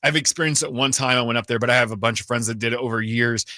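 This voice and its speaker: A man chats casually on a sports radio show, piling up fillers and restarts as he goes. His voice is bright and forward, recorded close and dry with no room sound. His pitch sits in an ordinary middle range. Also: fairly even intonation, racing, no echo. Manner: chatty, rambling, lots of fillers. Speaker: radio co-host.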